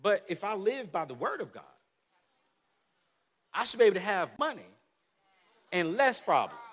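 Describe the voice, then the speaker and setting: Animated, bright-voiced male preacher. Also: high-pitched, normal speed, husky. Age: 30s. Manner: animated storytelling, swings between loud and soft; humorous, slangy. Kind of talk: motivational speech. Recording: long hall reverb.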